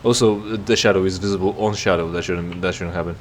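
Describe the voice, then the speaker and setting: A man's voice: low voice, steady tone, quick pace, slight background noise. A man giving casual, joking commentary while playing a game, rambling with stammered restarts. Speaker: let's play gamer.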